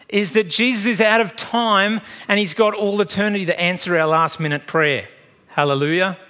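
A man preaching a sermon in a conversational, animated way, acting out little dialogues and turning emotional at times. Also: sits high, moderate pace. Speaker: pastor. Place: church.

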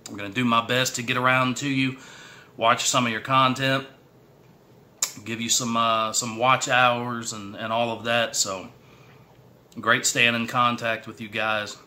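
Speaking at medium pitch with a level, sharp tone, this middle-aged YouTuber from Texas takes his time. He talks to the camera in a relaxed, folksy Southern manner, pumping himself up during a casual eating challenge vlog.

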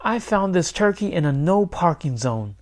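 A man's voice: high-pitched, moderate pace, pitched above the performer's own voice. Officer Devereaux, a man playing a teasing policewoman. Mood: deadpan. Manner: deadpan teasing. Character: female police officer, dry-humored and teasing.

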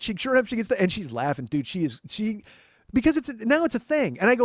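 A man's voice: high voice, big pitch swings, fast talker, no room sound. A man hosting a podcast, telling a comedic story as a profane, exasperated rant. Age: 40s. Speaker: podcast host.

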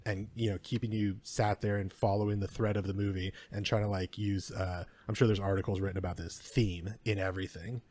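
Brisk and with few pauses, this man's low-leaning voice is a little mellow and flat in delivery, recorded dry. As a podcast co-host in a casual film review chat, he is opinionated, swears casually and occasionally stumbles over his words.

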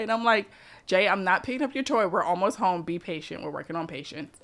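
A woman, co-hosting a casual podcast and telling lively family stories, acting out her children's voices. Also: mid-range voice, fast talker. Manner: animated storytelling, acts out her kids' voices. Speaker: podcast co-host. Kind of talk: casual chat.

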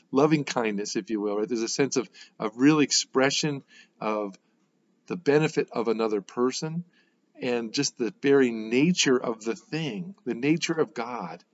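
A man's voice: medium pitch, dull audio. A man teaching a casual Bible devotional in a conversational, reflective way, often checking in with a "right?". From United States. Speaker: host giving a Bible devotional.

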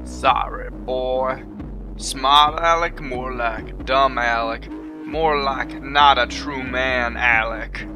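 A man's voice: medium pitch, steady tone, very slow. A man giving a sarcastic, profane comedic commentary as a video essayist. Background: music.

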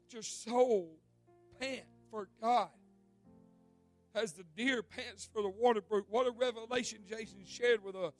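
A male pastor preaching an evening sermon in a church, telling a vivid story with repeated words and swinging from loud to hushed. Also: high voice, steady tone, a little slow, soft background music. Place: church sanctuary.

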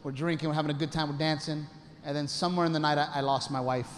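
A man with a high voice tells a crude, animated stand-up story about himself. He is recorded on a club stage through a handheld mic, with clear background noise in the room. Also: quick pace, big-room sound. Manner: animated storyteller with crude, self-mocking punchlines. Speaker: stand-up comedian. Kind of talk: stand-up routine.

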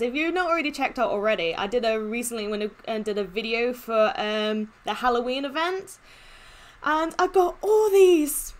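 A woman with a high, bright voice that swings widely in pitch. She gushes excitably through casual gaming commentary as she opens in-game chests. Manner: excitable, gushing, squeals with delight. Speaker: gaming YouTuber.

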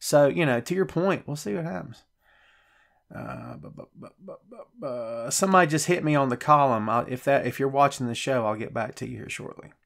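A middle-aged man hosting a live show and reading viewer comments out loud. He talks in a loose, chatty way and gets excited easily. His pitch sits in the middle range for a man, and he fills his speech with ums and false starts. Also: fairly quick, gravelly. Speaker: wrestling podcast host.

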